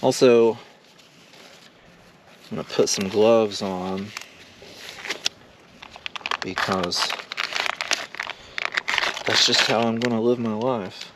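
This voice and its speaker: A man vlogging casually while camping alone, talking slowly and loosely with lots of fillers. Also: on the low side, steady tone, heavy background noise. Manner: slow, rambling, laid-back talk with many fillers. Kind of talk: casual solo camping vlog. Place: outdoors at a windy campsite.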